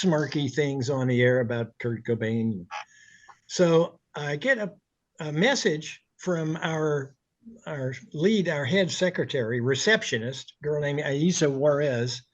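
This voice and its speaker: A man, a radio DJ, spins animated, profane anecdotes, his fairly high voice bouncing through the stories. The audio sounds slightly muffled and lo-fi. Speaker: radio DJ guest. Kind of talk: casual storytelling.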